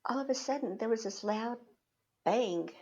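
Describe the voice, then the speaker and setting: A woman's voice: a little high, expressive, normal speed, darkish tone, lo-fi sound. A middle-aged woman, a spiritual reader, telling a personal story in a chatty way, laughing often and acting out quotes. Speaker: spiritual reader, podcast guest.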